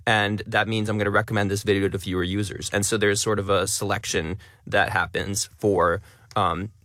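A man who talks fast and stresses many words, a content creator being interviewed on radio in a studio. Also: lowish voice, flat delivery, fairly bright tone, no room sound.

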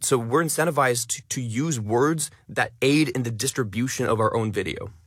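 A man who talks fast and stresses many words, a content creator being interviewed on radio in a studio. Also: mid-range voice, a bit bright, dry recording.

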